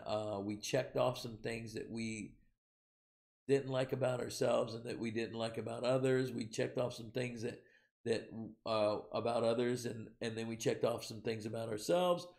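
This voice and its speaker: A man leading a faith-based recovery class, speaking in a halting way with many fillers, then building to emphatic preaching. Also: mid-range voice, vocal fry, darkish tone. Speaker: recovery program leader.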